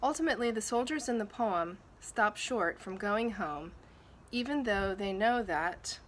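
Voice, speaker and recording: A woman teacher reading a prepared award speech in a measured, deliberate way. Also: mid-range voice, animated, a little hiss or hum.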